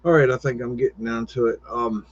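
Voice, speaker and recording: A man hosting a live stream in casual chat, rambling and halting with lots of fillers and restarts. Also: medium pitch, steady tone, slightly rough. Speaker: livestream podcast host. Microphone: home computer setup with webcam. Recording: dull lo-fi stream audio.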